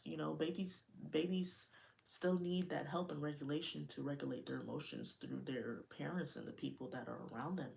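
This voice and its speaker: Young woman, podcast host, low gravelly voice, frank slangy chat. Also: darkish tone. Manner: candid, slangy, talks straight to listeners. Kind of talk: casual personal talk.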